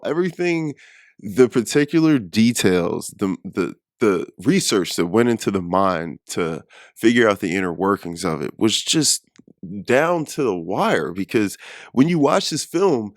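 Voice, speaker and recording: Male film-review host, slightly low voice, loose chatty delivery with frequent restarts, dry recording. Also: dry recording.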